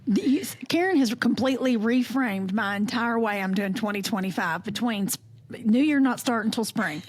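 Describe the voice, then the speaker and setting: A woman with a Southern US accent co-hosting a podcast, telling stories in a folksy, animated way. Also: on the high side, normal speed. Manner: animated storyteller, folksy, uses y'all. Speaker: podcast co-host. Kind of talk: casual chat.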